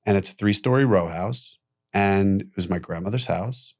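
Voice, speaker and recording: A middle-aged man telling his own story as a podcast guest, candid and animated, swearing freely. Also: low-pitched, normal speed.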